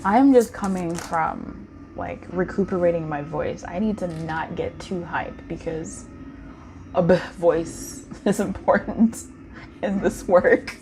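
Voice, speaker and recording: A woman giving a casual pick-a-card tarot reading, chatty and intimate, with sing-song crooning calls and slow, stretched-out emphasis. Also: on the low side, background noise.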